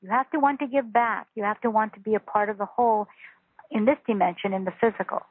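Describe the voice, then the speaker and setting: A woman, a spiritual teacher, talking calmly and earnestly as a guest on a phone interview. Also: medium pitch, fast talker, breathy edge, no echo. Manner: calm, earnest, instructive. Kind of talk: interview over a phone call. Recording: tinny phone line.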